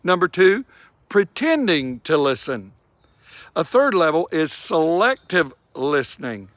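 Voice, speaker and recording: A middle-aged man with a slightly raised pitch delivers a brief devotional in a close, dry recording. He takes his time and draws out the words he wants to land. His tone is gentle and conversational. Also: very animated, dry recording. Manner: warm, unhurried, stretches key phrases for emphasis. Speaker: devotional speaker. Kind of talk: short devotional talk.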